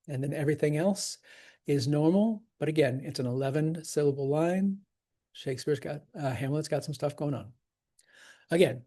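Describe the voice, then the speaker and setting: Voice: mid-range voice, dark tone, slightly rough. A teacher explaining poetic meter in a casual, enthusiastic way, laughing now and then. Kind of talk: scansion lesson.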